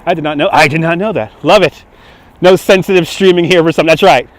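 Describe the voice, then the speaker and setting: A Brooklyn man with a fairly high voice runs a walking livestream on city streets. He is loud and joking and breaks into laughter often, with traffic passing outdoors behind him. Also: fast talker, no echo. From Brooklyn, New York. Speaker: livestream host. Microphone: handheld phone on gimbal.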